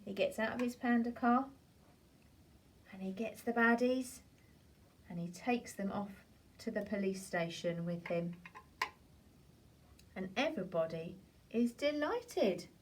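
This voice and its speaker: A woman teacher, gently retelling a story to young children in a drawn-out, sing-song way. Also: on the high side, slight background noise. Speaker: primary school teacher. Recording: voice from a distance off the mic.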